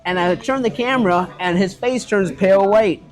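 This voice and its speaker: A man telling a story in casual chat, animated and swearing freely, acting out what others said. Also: high-pitched, normal speed. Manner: animated, swearing, acts out quotes. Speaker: guest, restaurant owner.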